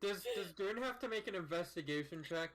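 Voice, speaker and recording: A woman's voice: lowish voice, expressive, brisk. A woman playing a tabletop game, giggly and playful. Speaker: tabletop player.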